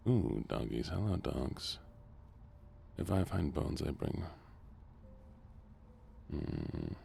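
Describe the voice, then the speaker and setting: A soft-spoken man with a Southern US accent, chatting with viewers during a relaxed gaming stream. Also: a bass voice, very slow, creaky, a little hiss or hum. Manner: relaxed, chatting to viewers between game moments.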